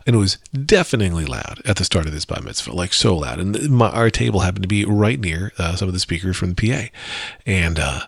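A man's voice: low-pitched, lively intonation, a little fast, creaky, husky, no echo. A man in his forties hosting a podcast, telling a rambling, self-deprecating story about his weekend in a casual monologue. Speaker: podcast host.

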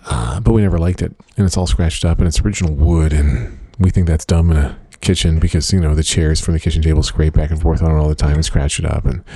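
Very deep, gravelly man chatting wryly. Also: fairly even intonation, fast talker, hardly any pauses, warm tone, no room sound. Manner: rambling, wry, self-mocking, many uh fillers. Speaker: podcast host. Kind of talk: casual solo diary podcast. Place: home office, indoors.

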